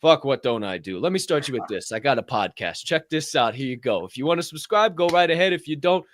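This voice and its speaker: A young man co-hosting a podcast, telling stories loudly and swearing freely in casual chat. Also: medium pitch, quick pace, no room sound. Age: young adult. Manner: loud, animated storyteller, swears freely. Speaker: podcast co-host. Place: podcast studio.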